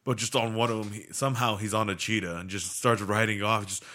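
Young male co-host, low voice with a bright edge, swinging pitch, easygoing. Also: steady tone, fast talker. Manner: laid-back, says "man" and "dude", bursts into laughter. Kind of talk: casual chat.

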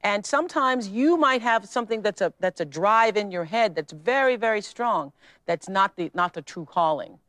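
A woman's voice: medium pitch, lively intonation, normal speed, a bit bright, dry recording. A woman answering an interview question in an archive clip, speaking earnestly and restarting her phrases as she goes. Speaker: interview guest.

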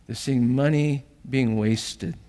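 A man's voice: takes it slowly, in a large hall. A middle-aged man preaching a sermon as pastor, telling stories animatedly and acting out voices. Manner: animated storytelling, acting out voices with big pitch jumps.

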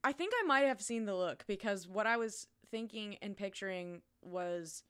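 A woman's voice: medium pitch, animated, moderate pace, fairly bright tone, clean tone. A woman in a casual chat about a movie, making wry, blunt remarks.

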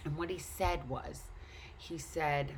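A woman's voice: deep voice, fairly even intonation, slow pace, a little hiss or hum. A woman telling a story and earnestly urging the listener to take care of themselves. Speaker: speaker. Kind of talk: casual motivational talk.

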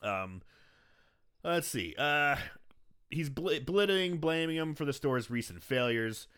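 A man chats through a film recap in a casual podcast. His voice is bright and swings widely in pitch. He jumps into quoted lines with sudden energy. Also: takes it slowly, clean tone. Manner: animated, swears often, acts out quoted lines in bursts. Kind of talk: casual chat.

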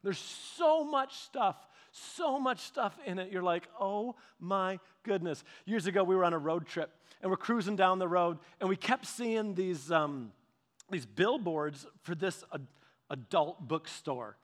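A man preaching a sermon, telling stories with lively repetitions and restarts. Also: high-pitched, a little slow. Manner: animated storytelling with repetitions and restarts. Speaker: pastor. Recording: long hall reverb.

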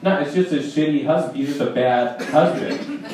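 A man's voice: on the high side, normal speed, a little mellow, a little hiss or hum. A young man doing a wry, self-deprecating stand-up set with crowd work on a live stage. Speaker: stand-up comedian guest. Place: comedy stage, live audience. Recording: roomy live venue with crowd from mic distance. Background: audience laughter.

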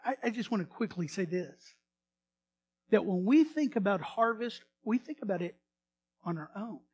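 A male pastor telling a story in a sermon, animated, swinging from loud bursts to hushed retelling. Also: sits high, moderate pace.

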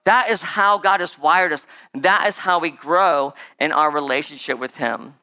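A preacher giving a casual, conversational sermon, rambling and animated with lots of "like" and "right?" asides. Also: mid-range voice, measured pace.

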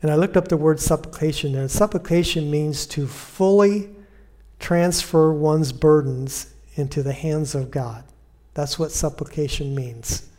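A man preaching a conversational sermon, repeating key phrases and slowing down to quote Scripture softly. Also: on the high side, steady tone. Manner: slows and softens when quoting Scripture.

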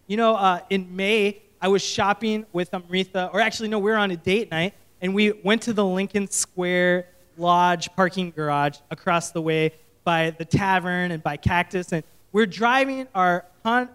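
A male pastor preaching and telling a story, animated and often correcting himself. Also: sits high, clear, resonant tone. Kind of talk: sermon storytelling.

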